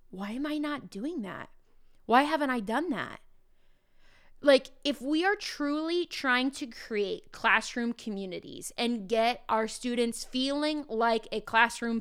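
Chatty woman podcast host, smooth voice. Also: fairly high pitch, fairly bright tone. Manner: chatty, conversational, speaks directly to listeners. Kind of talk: casual podcast monologue.

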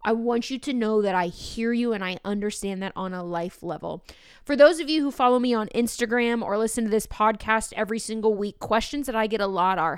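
A woman's voice: a little high, a little fast, clear, resonant tone, no echo. A young woman hosting an unedited solo podcast, talking candidly and encouragingly, emotional at times, close to the mic. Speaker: podcast host.

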